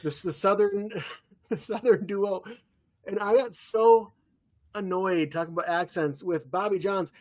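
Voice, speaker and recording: A man co-hosting a podcast in casual chat, relaxed and agreeable, often backing up his partner. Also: high-pitched, normal speed. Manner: relaxed, agreeable, with frequent short yeahs. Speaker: podcast co-host.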